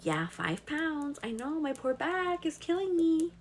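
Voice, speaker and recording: With slight background noise, the young twin-expecting streamer speaks in a high, sing-song, unhurried voice. She chats affectionately through viewer comments and calls everyone "girl".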